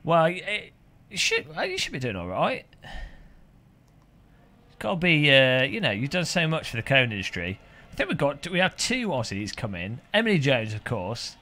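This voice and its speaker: A man streaming a racing game live, joking with chat and commentating excitedly. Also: a little high, a little slow. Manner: excitable, jokey banter with chat. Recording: game engine noise behind voice.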